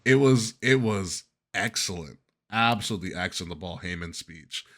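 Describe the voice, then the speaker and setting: A man's voice: low-pitched, moderate pace, fairly bright tone. A man hosting a podcast in casual chat, laughing often and joking loosely. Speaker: podcast host.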